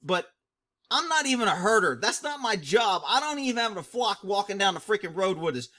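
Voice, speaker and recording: High-voiced laughing man mocking a clip. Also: sing-song, brisk, pushed and bright. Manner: mocking, laughs constantly between phrases. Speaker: vlog host. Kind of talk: laughing commentary over a video clip.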